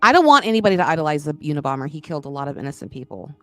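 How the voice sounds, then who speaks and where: A woman's voice: low voice, sing-song, rapid-fire, bright, forceful tone, no echo, soft background music. A woman hosting a casual podcast chat, talking in a frank, rambling way and often breaking off mid-sentence to restart. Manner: rambling, frank, self-interrupting. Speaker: podcast host.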